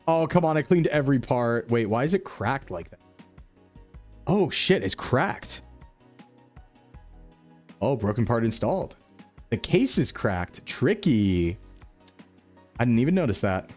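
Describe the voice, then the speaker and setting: A man streaming a repair simulator, chatting casually and thinking aloud with excitable bursts. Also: mid-range voice, takes it slowly, long pauses, soft background music. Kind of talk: casual game commentary.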